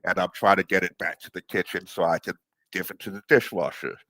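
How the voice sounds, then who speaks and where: A man's voice: low voice, fairly even intonation, fairly quick, fairly bright tone, dry recording. A young man calling in to tell a rambling work story, laughing often as he talks. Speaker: caller. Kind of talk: casual storytelling.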